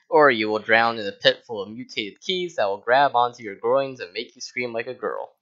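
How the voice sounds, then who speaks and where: A young man narrates math problems in a steady middle-pitched voice, dripping with mock arrogance. He brags about his skills and insults the listener in a sarcastic, deadpan way while explaining each step. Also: highs cut off. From United States. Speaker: student tutor. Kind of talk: sarcastic math walkthrough voice-over.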